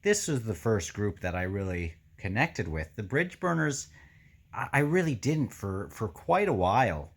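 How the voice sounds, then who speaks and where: A man's voice: lowish voice, sing-song, normal speed, husky. A man casually reacting to a book he is reading, rambling and hesitant with many fillers.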